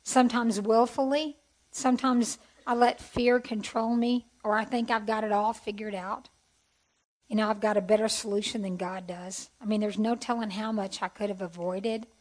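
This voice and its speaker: A middle-aged woman telling her personal testimony in an earnest, heartfelt way, with soft hesitations. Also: mid-range voice, level tone, normal speed, poor audio. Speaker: speaker sharing testimony.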